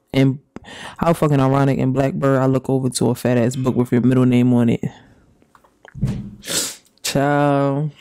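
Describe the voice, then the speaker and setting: A man doing casual, profane reaction commentary and reading messages aloud, with drawn-out reactions. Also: mid-range voice, dark tone, smooth, no echo. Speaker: commentary YouTuber.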